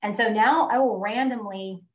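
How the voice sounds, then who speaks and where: Woman chatting candidly, pokes fun at herself, quick bursts of talk. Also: mid-range voice, dull audio. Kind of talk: casual conversation.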